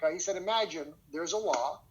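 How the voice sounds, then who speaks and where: A man's voice: a little high, quick pace, rough recording. A man teaching a sales lesson over a video call, telling stories with energy and often checking in with "okay?". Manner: energetic storytelling, frequent "okay?" check-ins. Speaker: sales trainer. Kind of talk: online training lesson.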